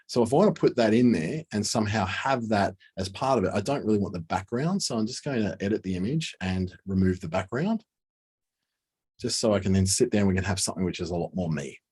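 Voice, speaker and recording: Low husky man talking through a screen tutorial. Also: lively intonation, fast, a little mellow. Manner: casual, thinking aloud while clicking. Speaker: design tutor. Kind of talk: screen-share software tutorial.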